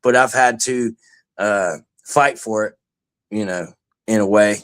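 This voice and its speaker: A man's voice: fairly low pitch, measured pace, fairly bright tone. Swaggering profane busker man. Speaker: street banjo busker. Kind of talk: casual chat.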